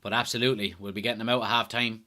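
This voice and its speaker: Speaking very fast in a lowish, flat voice, this Irish streamer sounds bright and forceful. He's at home running a football watchalong, casually reading viewers' comments aloud and answering each one.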